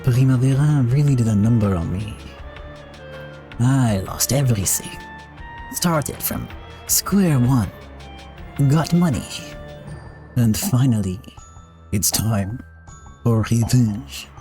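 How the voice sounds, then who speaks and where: A man voicing a scheming, smug male gang boss in an exaggerated fake accent, oily and shamelessly flattering. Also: medium pitch, a little slow, faint music behind, natural voice. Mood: vengeful.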